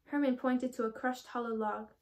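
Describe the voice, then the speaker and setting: A teenage girl reading a children's storybook aloud, with clear, expressive storytelling. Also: fairly high pitch, normal speed. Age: teens. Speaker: storybook reader.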